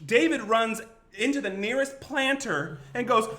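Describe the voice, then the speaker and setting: A man hosting a live stream, telling a story in an animated way, laughing and acting out the scene. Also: very high-pitched, a little slow. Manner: animated, laughing, acts out the scene and shouts quotes. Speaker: show host.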